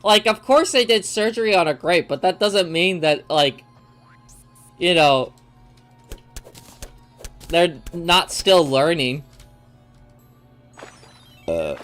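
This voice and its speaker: A young adult gaming streamer banters with friends on a live stream, joking and swearing freely. The delivery is slow and unhurried, but the pitch swings around a lot. Faint game music plays underneath. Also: expressive, fairly bright tone.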